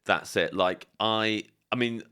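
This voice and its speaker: A man's voice: on the low side, slow pace, bright, forceful tone, clean tone. A man, chatting on a podcast and telling rambling, self-deprecating stories about his childhood. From England. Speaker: podcast guest. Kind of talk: casual chat, storytelling.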